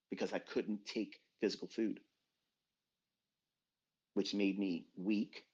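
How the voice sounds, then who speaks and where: Blunt, swearing middle-aged man ranting. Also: breathy edge. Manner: blunt, swearing, swings from low murmurs to loud outbursts. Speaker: trading mentor. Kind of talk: profane motivational rant. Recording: dull lo-fi recording.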